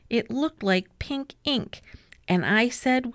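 Slow, expressive woman reading a rhyming story. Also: medium pitch, vocal fry, no echo. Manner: expressive, rhythmic rhyme reading. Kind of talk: reading a children's book aloud.

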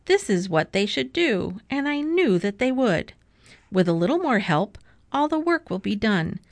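A big storybook cat who boasts and bosses everyone around, put on by a woman reading aloud. The lines come slowly and showily. The sound is dry and close. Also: medium pitch, very animated, no room sound. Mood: boastful. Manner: showy, boasting, bossy.

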